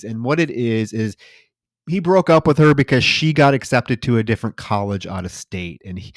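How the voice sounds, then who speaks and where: A man's voice: mid-range voice, no room sound, studio quality. Ranting man reviewing a movie. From lived in Houston for years. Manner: ranting, profane, animated storytelling. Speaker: podcast co-host. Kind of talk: casual movie review chat.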